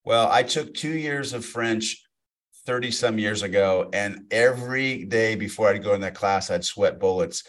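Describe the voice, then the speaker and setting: A man's voice: lowish voice, unhurried, fairly bright tone. A man in his forties hosting a podcast interview, easygoing and self-deprecating, chatting casually with his guest. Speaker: podcast host.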